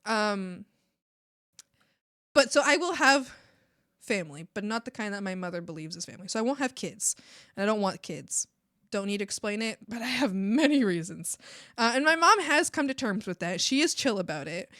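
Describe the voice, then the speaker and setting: A woman's voice: medium pitch, expressive, moderate pace, pushed and bright, dry recording. Rambling young woman streamer, dry sound. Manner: rambling and emphatic, many fillers and restarts. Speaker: art streamer. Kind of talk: casual chat while drawing.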